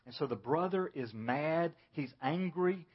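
A pastor preaching an earnest sermon, dropping low and soft to stress his points. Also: animated, a little slow, breathy edge, highs cut off.

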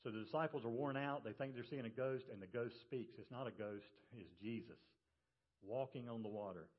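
A male pastor preaching a sermon to his congregation in a relaxed, storytelling way. He drops his voice low for quoted words. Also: a little fast, dull audio. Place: church service.

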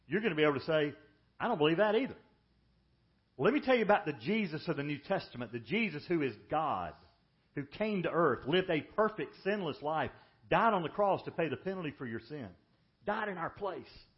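Male pastor, higher-pitched voice, emphatic sermon delivery with hushed drops, muffled recording. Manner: emphatic preaching, drops to hushed, slow lines for weight. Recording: dull lo-fi sermon audio.

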